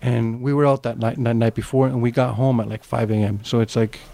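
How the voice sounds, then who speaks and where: A man telling a story in casual chat, profane and animated, raising his voice to act out the people he quotes. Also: mid-range voice, a little fast, creaky.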